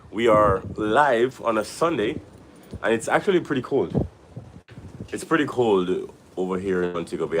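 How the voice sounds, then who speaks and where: Low-voiced, slightly sick man streaming live. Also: a little hiss or hum, low-quality recording. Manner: loose, rambling, repeats himself. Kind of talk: casual live-stream chat.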